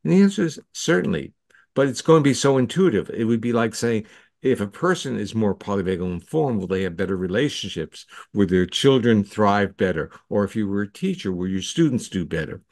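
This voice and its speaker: A man, a scientist guest in an interview, explaining ideas in a steady lecturing manner with occasional restarts. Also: fairly low pitch, fairly quick, vocal fry, dry recording, studio quality.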